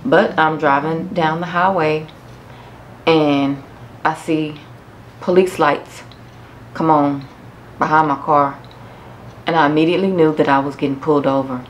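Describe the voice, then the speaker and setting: Low-voiced tearful woman. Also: fairly even intonation, a little hiss or hum. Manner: halting, repeats words, addresses viewers as y'all. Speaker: vlogger. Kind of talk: emotional personal story to camera.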